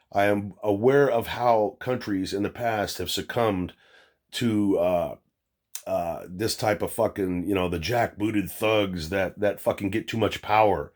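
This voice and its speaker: A middle-aged man from the United States talks straight to his viewers in a profane, unpolished way. His voice sits a little low, and he sounds like a former cop giving his opinion on a casual vlog. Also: darkish tone. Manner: profane, blunt and conversational. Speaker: channel host, former police officer.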